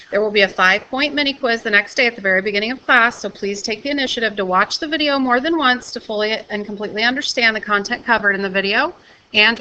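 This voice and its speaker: A woman's voice: medium pitch, sharp tone, slight background noise, low-quality recording. A woman teacher giving a recorded video lesson, explaining step by step and often checking in with "okay?". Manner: clear step-by-step instruction, frequent "okay?" checks. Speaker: Spanish teacher.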